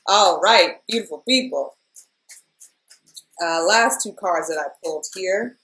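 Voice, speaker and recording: A woman's voice: lowish voice, a little slow, long pauses, a bit bright, low-quality recording. A woman in her thirties giving a casual weekly tarot reading, chatty and emotional, often calling her viewers "y'all". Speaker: tarot reader.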